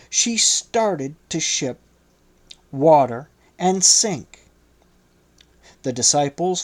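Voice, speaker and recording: A man reading a novel aloud as an audiobook narrator, in a measured way. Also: fairly high pitch.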